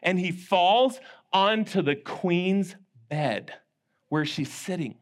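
A man with a high voice leads a children's service in church. He tells the story in an animated way, swinging his pitch wide as he acts out each character's lines. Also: slow. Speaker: children's pastor.

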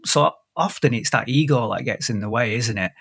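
A man's voice: medium pitch, normal speed, creaky. A man in his fifties, hosting a podcast in casual conversation and telling stories with lots of restarts. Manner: animated storyteller with frequent restarts. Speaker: podcast host.

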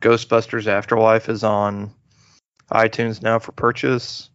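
On a dull, lo-fi, dry recording with no echo, a male podcast host talks casually through a movie review. He's relaxed and rambling, with lots of fillers and restarts. His voice is on the low side, clear and resonant, and a little slow.

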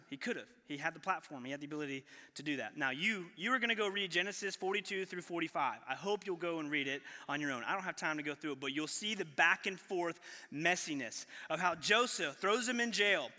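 A man delivers a sermon in a casual, energetic way, tossing in slang and restarting sentences as he goes. His voice sits high and sounds very bright. A long reverb trails behind him from the hall. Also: fairly quick. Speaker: pastor. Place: church hall.

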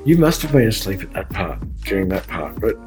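A man co-hosting a podcast, chatting casually and slipping in deadpan jokes. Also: deep voice, a little fast, soft background music. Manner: jokey, deadpan tall tales. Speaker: podcast co-host.

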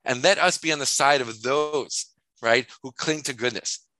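A man teaching a class as a rabbi, expressive and conversational, full of rhetorical questions and asides. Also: mid-range voice, normal speed, no echo, poor audio. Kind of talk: animated online lecture.

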